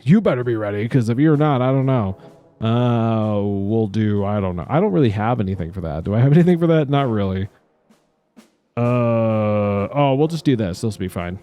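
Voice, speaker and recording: A man's voice: medium pitch, normal speed, dark tone, clean tone, faint music behind. A young man streaming a video game and commenting casually, chatty and jokey, peppering his talk with "like".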